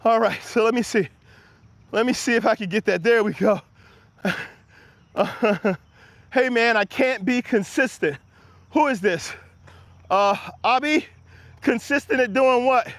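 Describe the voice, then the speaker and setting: Guy with a real high voice on a morning walk, kinda out of breath, hyping up his chat, dry close sound. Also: measured pace, pauses often, no room sound. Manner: energetic, encouraging, answers viewers' comments. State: slightly out of breath from walking. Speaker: motivational livestream host. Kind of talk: live walk-and-talk motivational chat. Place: outdoors on an early-morning walk. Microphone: handheld camera while walking.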